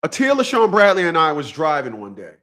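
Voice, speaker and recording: A man's voice: fairly high pitch, wildly swooping pitch, brisk, bright, forceful tone. A man talking straight to his viewers in a casual monologue, profane and repetitive, with a preachy storytelling manner. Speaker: vlogger.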